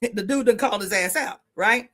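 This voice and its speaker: A woman's voice: medium pitch, normal speed, a bit bright. Blunt, profane woman telling stories. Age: middle-aged. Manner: laughs through her stories. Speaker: guest. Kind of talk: casual storytelling on radio.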